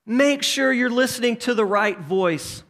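Guy preaching a sermon, high voice, goes from punchy to real quiet. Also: animated, unhurried. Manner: swings from emphatic to hushed, repeated rhetorical questions. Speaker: pastor.

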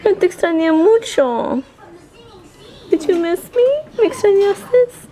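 A woman's voice: very high voice, big pitch swings, unhurried, mellow. A worn-out woman blogger chatting at home, gushing and tearful. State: exhausted. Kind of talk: casual vlog chat.

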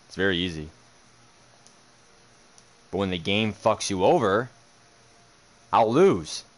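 A man's voice: lowish voice, lively intonation, slow. A young man commentating his own football video game match, muttering, sarcastic and swearing in frustration. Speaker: gaming streamer.

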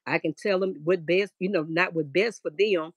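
A woman guest, speaking softly and emotionally over a remote call. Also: lowish voice, moderate pace, breathy edge, no room sound, muffled recording. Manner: emotional, soft-spoken.

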